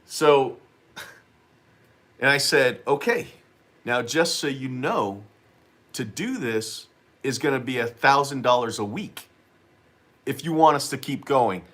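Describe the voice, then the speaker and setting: A man's voice: medium pitch, expressive, slow, long pauses, fairly bright tone. A man who runs a lawn care business, casually telling a story to camera, rambling and repeating himself with lots of "you know what I mean.".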